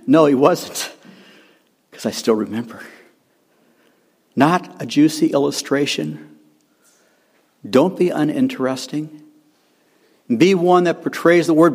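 An older man delivering a sermon in a slightly high voice. He speaks with emphasis, circles back to repeat his points and chuckles at himself when he stumbles. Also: expressive, moderate pace. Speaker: preacher.

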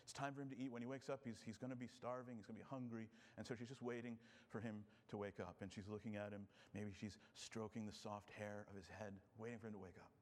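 A man preaching an expository sermon, earnest and rhetorical, often dropping soft to stress a point. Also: fairly low pitch, flat delivery, fast talker, few pauses. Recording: long hall reverb.

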